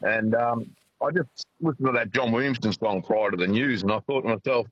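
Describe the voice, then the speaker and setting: A man's voice: medium pitch, brisk, husky, no room sound. An Australian man calling a radio show from his car, speaking earnestly and hesitantly with many fillers. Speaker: caller. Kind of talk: talkback radio phone call. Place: driving in a car. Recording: muffled phone line.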